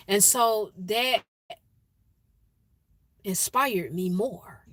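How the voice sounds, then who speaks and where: A woman from Chicago telling a personal story and urging listeners toward peace, in an animated, emphatic way with strings of repeated questions. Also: medium pitch, normal speed, no room sound. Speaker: inspirational speaker.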